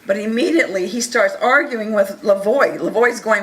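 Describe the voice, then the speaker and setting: A woman telling an audience a first-person story in an earnest, animated way, acting out the dialogue. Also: mid-range voice, moderate pace, hardly any pauses, poor audio. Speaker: speaker recounting events to an audience.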